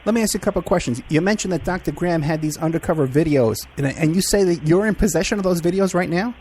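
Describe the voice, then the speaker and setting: A male radio host interviews his guest in a relaxed, chatty way, often stumbling over the start of a question. His voice sits a touch higher than most men's. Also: a little hiss or hum. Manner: casual, conversational, halting questions. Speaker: radio talk show host.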